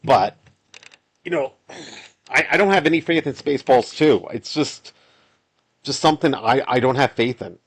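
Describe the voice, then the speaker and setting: A man's voice: medium pitch, expressive, normal speed, pauses often, husky. A man, a solo game developer, chatting casually over gameplay in a rambling way, restarting his sentences and sighing often. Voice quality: rambling, with frequent restarts and sighs.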